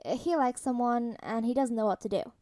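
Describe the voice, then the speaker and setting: A sardonic teenage girl with a dry, mocking way of speaking, as a woman reads her. The voice is mellow and fairly high, set close and dry. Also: fairly quick, no room sound, lightly acted.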